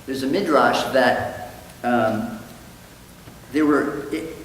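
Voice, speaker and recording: Man, rabbi, relaxed lesson, middle pitch, faint background hiss. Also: takes it slowly, recorded from a distance. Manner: thoughtful, acts out quoted dialogue with livelier voice. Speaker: rabbi teaching a study class. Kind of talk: conversational Talmud lesson. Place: synagogue study hall. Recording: very echoey hall, faint noise.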